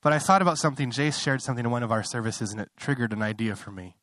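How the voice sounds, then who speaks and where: A man's voice: racing, fairly bright tone, dry recording. A young adult man preaching a sermon, conversational with apologetic asides, rising to impassioned fervor. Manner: conversational, building to impassioned high-pitched fervor; self-interrupting, apologetic asides. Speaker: pastor.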